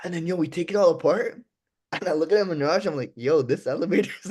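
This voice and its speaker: A man's voice: fairly high pitch, fast, husky. A young man telling stories in a casual podcast chat, swearing freely and acting out quoted lines. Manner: animated, swears a lot, acts out quoted lines. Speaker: podcast guest.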